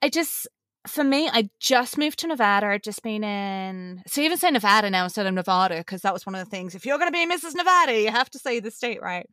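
A woman's voice: fairly high pitch, lively intonation, a little fast, sharp tone, no echo, studio quality. A woman guest on a podcast, talking earnestly and at length, laughing between thoughts. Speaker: podcast guest, pageant contestant. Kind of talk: casual podcast interview.

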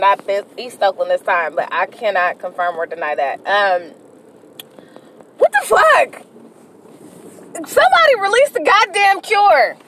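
A woman, hosting a casual solo podcast, talking candidly and profanely in a rambling way with sudden outbursts, from inside a car. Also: medium pitch. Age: early 30s. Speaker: podcast host. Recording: distant mic with car road noise.

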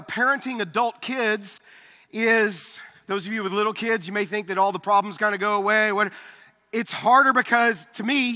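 A man's voice: sits high, bright, forceful tone, big-room sound. A middle-aged man preaching a sermon as pastor, earnest and confessional, a little out of breath as he talks. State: slightly out of breath from carrying a heavy backpack. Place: church sanctuary.

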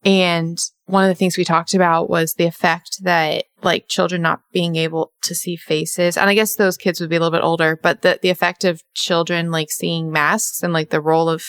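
A woman's voice: on the low side, level tone, moderate pace, hardly any pauses, fairly bright tone, smooth, no room sound, clean studio sound. A woman hosting a podcast, chatting in an upbeat, casual way and reading an ad. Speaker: podcast host. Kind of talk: casual podcast chat and read ad.

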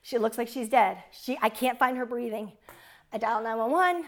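A woman's voice: on the high side, normal speed. A woman in her forties telling a personal testimony to an audience in an earnest, fervent storytelling manner. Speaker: speaker sharing a testimony.

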